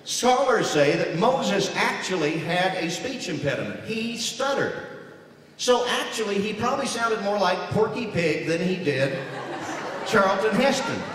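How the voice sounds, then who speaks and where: A man, a voice actor, giving a comedic speech to an audience, telling stories in an animated way and slipping into character voices. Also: sits high, measured pace. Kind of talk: comedic keynote speech with impressions. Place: large hall before an audience. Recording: echoey hall recording from far off, crowd noise.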